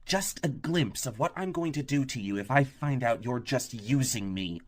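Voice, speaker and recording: A man's voice: medium pitch, expressive, normal speed, natural voice. A man voicing a fierce young woman who questions sharply and confronts. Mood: threatening.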